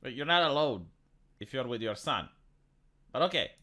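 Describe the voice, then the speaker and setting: Woman from Romania, sarcastic deadpan reaction commentary, bright tone, lively pitch. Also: moderate pace. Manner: dry, mocking, deadpan asides. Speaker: commentary YouTuber.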